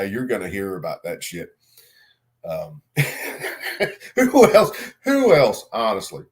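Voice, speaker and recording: Profane, rambling man with a low voice. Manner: rambling, profane, self-mocking, laughs a lot. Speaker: vlogger. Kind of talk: casual storytelling vlog.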